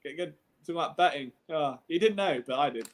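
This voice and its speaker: A man's voice: fairly high pitch, lively intonation, fast. A young Englishman hosting a casual livestream chat, playful and prone to giggling. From England. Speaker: podcast host.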